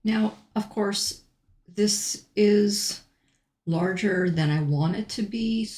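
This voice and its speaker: A middle-aged woman hosting a software tutorial, talking through each step in an unhurried way with frequent ums. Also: medium pitch, echoey room. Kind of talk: screen-recorded software tutorial.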